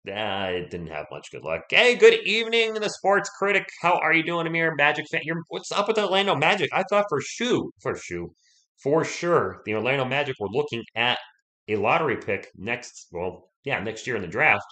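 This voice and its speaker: A man's voice: mid-range voice, very animated, moderate pace, pushed and bright. A man hosting a sports livestream, chatting casually, rambling and greeting viewers by name, his voice still recovering from being sick. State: voice recovering from illness.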